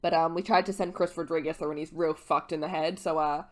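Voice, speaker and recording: A woman's voice: low-pitched, fairly even intonation, fast talker, close to an everyday voice. A woman voicing a weary old male centaur mentor, speaking offhand with sighs in a casual retelling.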